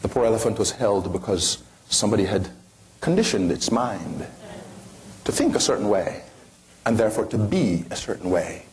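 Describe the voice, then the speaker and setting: A man's voice: on the low side, lively intonation, normal speed, a little mellow. A man giving an impassioned motivational speech to an audience, pressing his points with rhetorical questions and sweeping rises and falls in his voice. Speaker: motivational speaker.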